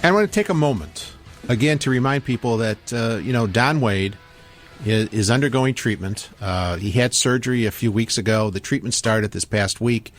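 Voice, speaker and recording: A man's voice: medium pitch, moderate pace, faint music behind. A man hosting a talk radio show, chatting casually with a co-host and callers, with hesitant restarts. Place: radio studio. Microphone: studio microphone.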